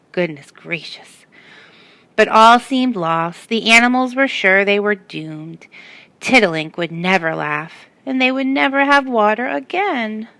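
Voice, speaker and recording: A woman's voice: mid-range voice, measured pace, creaky, sharp tone, no echo. A woman reading a picture book aloud to children and stopping to ask them questions. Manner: asks the listeners questions. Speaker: storyteller.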